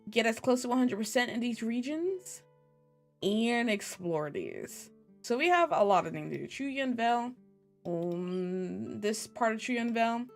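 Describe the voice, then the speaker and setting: A woman streamer giving chatty, excitable gameplay commentary and talking to her viewers. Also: on the high side.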